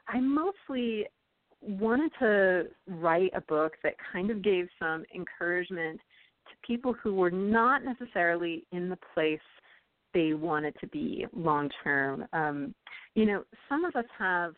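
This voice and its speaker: A woman's voice: lowish voice, no room sound. A woman from California, an author, talking through her book in a casual interview with many ums and you-knows. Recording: tinny, dry phone-line audio.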